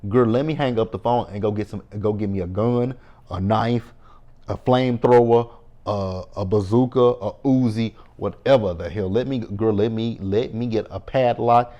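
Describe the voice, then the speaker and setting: A man voicing a frantic middle-aged mother on the phone, shrill and panicky, piling on outraged lines. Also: normal speed, mellow, highs cut off, natural voice. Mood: panicked outrage.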